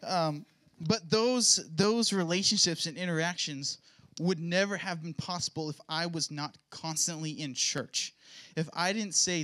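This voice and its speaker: A man's voice: high-pitched, normal speed, sharp tone. A young man, a pastor's son, sharing a personal testimony in a casual sermon style, with joking, self-mocking asides. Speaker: pastor's son giving a church talk.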